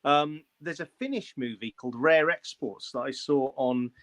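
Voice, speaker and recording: A man's voice: mid-range voice, normal speed. A man speaking as a guest on a video-call livestream, hesitant, with many fillers. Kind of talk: casual chat on a livestream.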